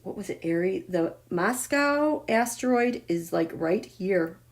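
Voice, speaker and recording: Slow-talking excitable woman reading charts. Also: medium pitch. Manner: excitable, gushing, swings from loud exclaiming to near whispers. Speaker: astrology and tarot livestream host. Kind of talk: live astrology chart reading.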